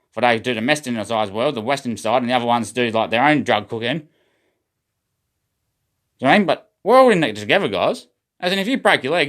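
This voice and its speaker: A man's voice: a little high, fairly bright tone. An Australian man livestreaming a rambling, agitated monologue full of swearing.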